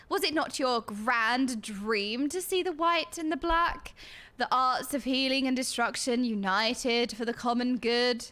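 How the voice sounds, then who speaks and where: A woman's voice: fairly high pitch, slow, bright, forceful tone. A woman voicing a haughty, imperious female sorceress, reading game dialogue in a lofty, archaic way.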